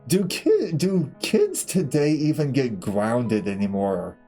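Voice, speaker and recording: A man's voice: mid-range voice, very animated, slow pace, dark tone, soft background music. A man streaming a game, telling candid, profane stories from his childhood and laughing through them. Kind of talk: casual storytelling between game segments.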